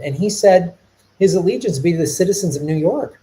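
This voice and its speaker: Animated middle-aged man hosting a live stream. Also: high voice, a little fast, low-quality recording. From Chicago. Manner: animated, rambling, with repeated restarts. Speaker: podcast host. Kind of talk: casual live-stream commentary.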